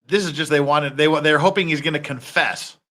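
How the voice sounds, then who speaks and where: A man's voice: on the high side, a little fast. A man hosting a reaction commentary, ranting heatedly and swearing often. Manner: heated, profane, animated ranting. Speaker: commentary host.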